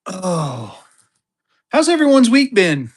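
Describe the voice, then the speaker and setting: Upbeat male livestream seller, slightly high voice, chatty and excited auction patter. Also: takes it slowly. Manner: excited, chatty, talks straight to viewers. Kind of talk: live auction stream chat.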